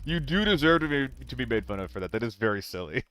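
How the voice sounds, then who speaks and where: A man's voice: medium pitch, very animated, quick pace, fairly bright tone, a little hiss or hum. A young man live-streaming a shooter game, chatting loosely with viewers, swearing and getting flustered in fights. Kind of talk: casual live-stream chat while gaming.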